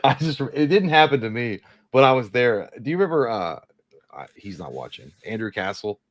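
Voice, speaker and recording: Male co-host, casual livestream chat, lively mid-pitched voice, dry recording, giggly storyteller. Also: normal speed, dry recording. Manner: laughing, rambling anecdote teller. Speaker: podcast co-host.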